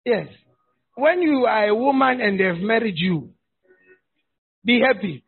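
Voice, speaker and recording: A man preaches a lively, humorous sermon, raising his voice into shouts to drive points home. His voice sits very high for a man. The sound is thin and tinny, like it came through a phone line. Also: a little slow, husky. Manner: animated and humorous, shouting for emphasis. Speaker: pastor.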